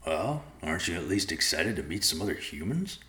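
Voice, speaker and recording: Male reader doing a young bear cub, cheeky, teasing, deep voice. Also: big pitch swings, fairly quick, echoey room, background noise. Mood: playful.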